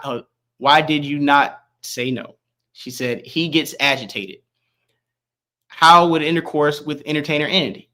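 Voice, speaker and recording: A man reading court transcript aloud as an online news commentator, halting and repeating words, with casual asides. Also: medium pitch, bright, forceful tone. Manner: reads in a rushed, halting way, stumbling and repeating words.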